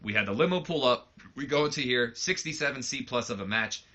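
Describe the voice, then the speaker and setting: A man's voice: mid-range voice, animated, brisk, sharp tone. Rambling male game commentator. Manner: rambling, loose, lots of fillers. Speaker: let's play host. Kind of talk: casual let's play commentary.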